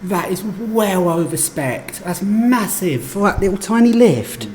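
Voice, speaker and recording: Excitable woman, lively voice. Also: medium pitch, unhurried, noisy background. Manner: excitable, lively, gets carried away with lift details. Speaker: vlogger exploring lifts. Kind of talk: enthusiastic technical commentary. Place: inside buildings and lift shafts.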